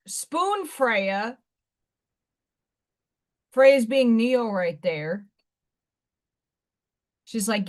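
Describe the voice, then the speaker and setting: A woman's voice: mid-range voice, lively intonation, slow pace, pauses often, darkish tone. A woman hosting a live stream, chatting casually in a rambling way with blunt asides. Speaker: livestream host.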